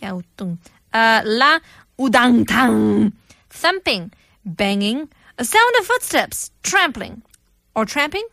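A female co-host of a Korean language show, giggly and teasing as she explains words. Her voice sits a little high. The sound is dry and close. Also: big pitch swings, moderate pace, vocal fry, sharp tone, no room sound. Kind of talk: playful language lesson chat.

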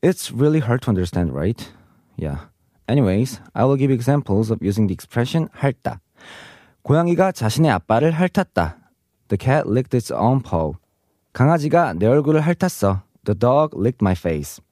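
A male teacher walks through a vocabulary lesson at a rapid clip, with a lively, rising and falling delivery. He rattles off the example sentences and then slows down for each translation. The recording is close and dry. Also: medium pitch, no echo. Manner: reads the Korean examples briskly and the English translations slowly. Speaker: Korean language teacher.

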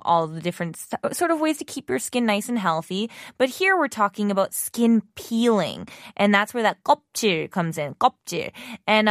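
A woman's voice: medium pitch, dry recording, studio quality. A woman hosting a casual language lesson, chatty and upbeat, explaining with plenty of fillers. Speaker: Korean language teacher and show host.

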